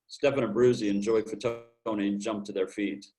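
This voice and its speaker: A man's voice: lowish voice, fairly even intonation, normal speed, hardly any pauses, a little mellow, rough recording. A man at home reading his first-person detective story aloud over a video call. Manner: hard-boiled storybook narration. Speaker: open mic reader.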